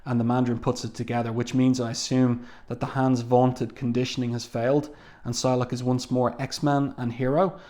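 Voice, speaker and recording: A man's voice: medium pitch, little pitch movement, moderate pace, warm tone. A man reviewing a comic book, walking through the panels in casual narration with frequent ums. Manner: walks through panels, reads dialogue aloud, frequent ums.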